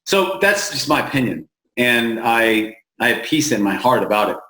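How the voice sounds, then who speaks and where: An American man speaks plainly and earnestly as an interview guest, with frequent restarts and a slower pace when he stresses a point. His voice sits at a middle pitch. The room adds a clear echo. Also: very animated, sharp tone. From United States. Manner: plain-spoken, halting restarts, slows for emphasis. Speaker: founder of an aid group, interview guest. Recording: roomy echo.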